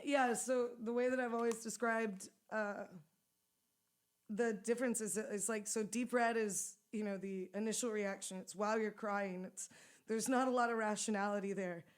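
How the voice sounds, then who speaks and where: A woman's voice: mid-range voice, fairly even intonation, moderate pace, clear, resonant tone. A young woman musician chatting in an interview, rambling with lots of "like" fillers and frequent laughs. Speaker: musician guest. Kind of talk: casual interview chat.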